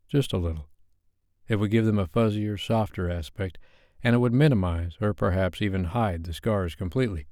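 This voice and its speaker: A man narrating a romance audiobook in a measured, even storytelling manner. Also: low-pitched, dry recording, studio quality.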